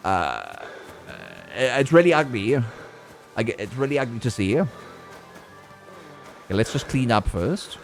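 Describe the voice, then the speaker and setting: A man streaming a video game, chatting casually and playfully, using baby talk for animals and breaking into sudden high outbursts. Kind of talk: casual live-stream gameplay commentary.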